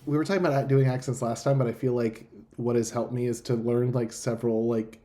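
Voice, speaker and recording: A man's voice: medium pitch, steady tone, fairly quick, dark tone. Chill guy gm, lots of uhs and restarts, mid voice. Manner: laid-back, hesitant, many fillers and restarts. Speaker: game master. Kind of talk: narrating a tabletop game.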